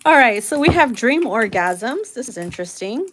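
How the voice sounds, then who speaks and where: A woman tarot reader talks straight to her viewers in a loose, casual reading. She swears freely, laughs often and slips into slangy acted-out voices. Her voice sits a little higher than most women's. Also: very animated, normal speed, a bit bright, a little hiss or hum. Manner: blunt, profane and laughing often; slangy, acts out quoted lines in playful voices.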